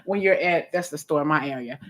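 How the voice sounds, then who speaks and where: A woman's voice: low voice, fairly quick, a little hiss or hum. Chatty woman reading tarot live. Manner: chatty, rambling, repeats words. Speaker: tarot reader.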